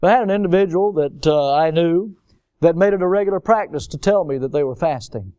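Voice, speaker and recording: A man's voice: a little high, a little fast, mellow, no echo, studio quality. A man pastor delivering a sermon in a folksy, emphatic way, drawing out stressed words.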